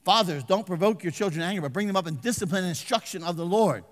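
An older man preaching a folksy sermon as pastor, swinging from loud exhortation to hushed asides and calling for amens. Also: sits high, quick pace. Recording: long reverb of a large hall.

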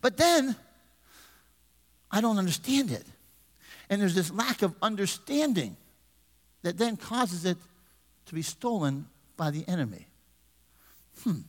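A man's voice: sits high, sing-song, unhurried, long pauses, in a large hall. A man in his fifties, a pastor preaching a conversational sermon with humor and questions to the congregation. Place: church sanctuary.

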